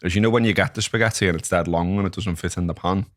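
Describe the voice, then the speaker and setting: Liverpool man, low voice, relaxed and sweary, casual podcast chat, dry close mic. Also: racing, dry recording. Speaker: podcast co-host. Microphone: podcast microphone.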